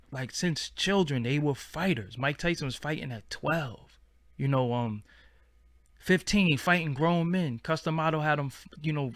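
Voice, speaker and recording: A channel host from Brooklyn, New York, chats in a slangy, rambling way on a casual livestream. His voice is fairly high, and the sound is clean studio audio with no echo.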